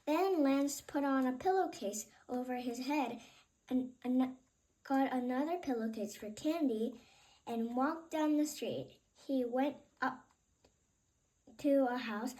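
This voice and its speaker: A woman reading a children's picture book aloud in an expressive, unhurried way. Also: high-pitched, low-quality recording. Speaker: reader. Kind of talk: children's storybook read-aloud.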